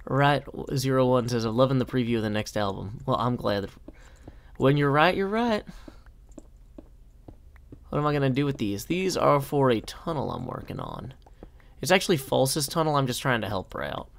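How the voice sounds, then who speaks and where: A man's voice: mid-range voice, very animated, normal speed, vocal fry, pauses often, slight background noise. Man streamer, chatty and self-deprecating, casual live-stream chat. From Nashville, USA.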